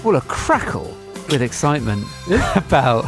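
A man's voice: fairly high pitch, sing-song, measured pace, music in the background. A man co-hosting a podcast, joking and punning in casual chat with frequent restarts. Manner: playful, punning, stumbling restarts. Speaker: podcast co-host.

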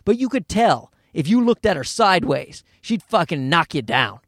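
A man telling a comedy story about his own child, swearing freely and breaking into ranting asides. His voice sits high for a man and swings widely in pitch. The sound is dry and close, with no room around it. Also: moderate pace, no room sound. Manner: animated, profane, ranting asides. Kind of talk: comedic monologue.

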